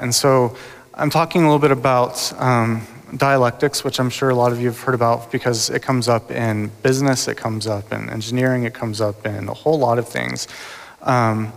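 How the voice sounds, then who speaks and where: A man delivers a sermon in an earnest, halting way, often restarting his sentences. His voice is gravelly with fry. The sound rings with the long reverb of a big hall. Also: mid-range voice. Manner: earnest, hesitant, many ums and restarts. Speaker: preacher.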